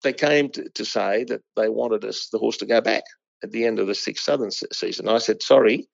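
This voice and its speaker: Older horse breeder, gravelly and rambling; dry, muffled sound. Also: male voice, on the low side, fairly even intonation, brisk, no echo. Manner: rambling, with many restarts. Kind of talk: anecdotal interview storytelling. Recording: dull lo-fi dry recording.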